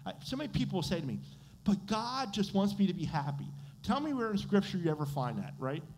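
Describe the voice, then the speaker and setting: Animated American pastor preaching. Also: male voice, high-pitched, brisk, a little hiss or hum. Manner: animated, asks the congregation questions and answers them. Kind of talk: sermon. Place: church sanctuary.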